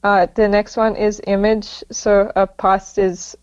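A woman's voice: mid-range voice, level tone, slow, a little mellow, clear, resonant tone. Woman guest over a dull line. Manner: reads from notes with fillers. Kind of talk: casual interview answers.

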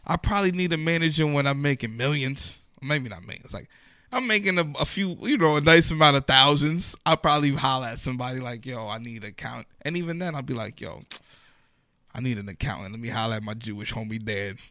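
A man's voice: mid-range voice, expressive, quick pace, bright, forceful tone, no echo, clean studio sound. A man, a comedian, telling stories in a loose, profane, slang-filled manner during a casual podcast chat.

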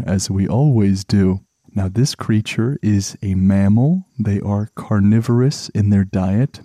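A man hosting a relaxation podcast, speaking in a slow, calm, soothing way to help listeners unwind. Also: fairly low pitch, no echo. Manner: soft, soothing, deliberate delivery. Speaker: podcast host.

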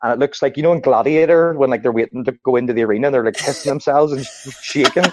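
A man's voice: mid-range voice, fast, very noisy. A man, a stand-up comedian, telling stories in casual chat and acting out what people said. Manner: animated anecdotes with acted-out quotes.

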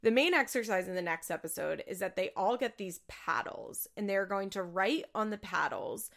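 A woman's voice: medium pitch, animated, moderate pace, creaky, fairly bright tone. A woman recapping a reality show in casual, chatty talk, laughing often and swearing freely.

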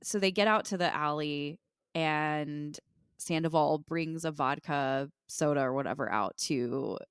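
A woman's voice: low-pitched, a little slow, clean tone, dry recording, clean studio sound. A woman co-hosting a podcast, recapping in casual chat and acting out what others said. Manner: animated retelling, quoting others. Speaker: podcast co-host.

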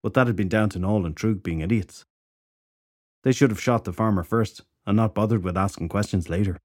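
A man narrating a fantasy novel audiobook in a steady, even storytelling manner. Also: on the low side, fairly quick, dry recording, clean studio sound.

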